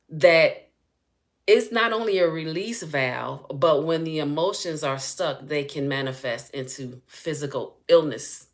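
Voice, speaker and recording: Speaking low, this spiritual healing coach keeps her live-stream chat casual. She comes across as animated and chatty and laughs a lot.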